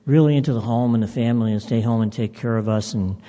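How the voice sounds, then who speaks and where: Hopeful chatty lady tourist, rambling, excitable, a man doing her voice, long hall reverb. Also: mid-range voice, fast talker, lightly acted. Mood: dreamy. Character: hopeful woman on vacation, eager and chatty.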